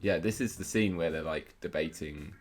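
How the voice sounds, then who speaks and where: A man's voice: rumbling low, moderate pace, faint music behind. A man co-hosting a casual film commentary, analytical and thinking aloud with plenty of filler words.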